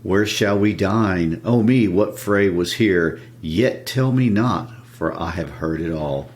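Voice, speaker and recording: A man voicing a lovesick young nobleman brooding over unrequited love, reading verse in a measured way. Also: sits low, a little mellow.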